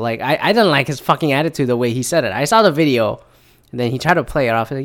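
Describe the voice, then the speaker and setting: A man's voice: mid-range voice, fast talker. A man in his thirties giving profane, sarcastic commentary, reading news statements aloud and reacting to them. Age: 30s. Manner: sarcastic, swears a lot.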